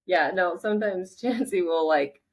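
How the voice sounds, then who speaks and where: A married woman co-hosting a casual podcast with her sister, giggly and animated as she retells scenes. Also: fairly low pitch, normal speed, slightly rough. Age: adult, married. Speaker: podcast co-host. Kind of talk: casual chat.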